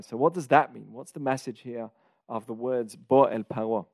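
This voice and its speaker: A man's voice: medium pitch, moderate pace, darkish tone, no echo, studio quality. A man hosting a podcast, giving a casual spoken Torah lesson, explaining Hebrew terms and asking rhetorical questions along the way. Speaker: podcast host teaching weekly Torah portion.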